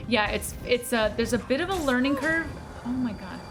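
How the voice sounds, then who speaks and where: Chatty American woman streamer over game music. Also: fairly high pitch. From United States. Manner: chatty, excitable, quick to laugh. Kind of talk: casual live-stream chat while gaming.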